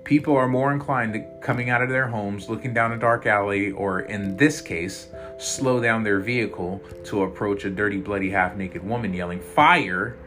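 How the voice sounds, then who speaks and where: A man narrating a dark first-person story in a dramatic, intense way. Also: lowish voice, fairly even intonation, moderate pace, hardly any pauses. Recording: loud guitar music behind.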